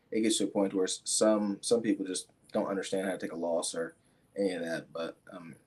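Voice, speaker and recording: A man's voice: lowish voice, a little mellow. Young male fighter, interview guest, casual storyteller with frequent fillers. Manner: rambling, many fillers and restarts.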